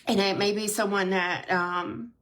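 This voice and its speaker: A woman's voice: medium pitch, fairly even intonation, measured pace, fairly bright tone. A woman hosting a casual live-stream tarot reading, chatty and heartfelt, with frequent ums and restarts. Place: at home.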